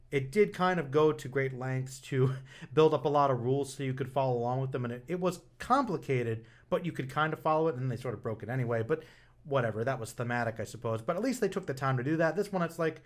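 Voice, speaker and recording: A man's voice: medium pitch, quick pace. A young man giving a casual, rambling film review, full of fillers and restarts.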